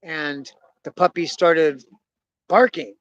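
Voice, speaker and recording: A man's voice: fairly high pitch, fairly even intonation, slow pace, a bit bright, no echo, highs cut off. Rambling, profane man telling a story. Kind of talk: casual monologue.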